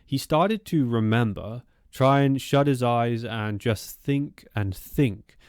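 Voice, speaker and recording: A man's voice: mid-range voice, slow, darkish tone, clear, resonant tone, no echo, clean studio sound. A man narrating an eerie true-life story in a loose, conversational way, with asides and fillers.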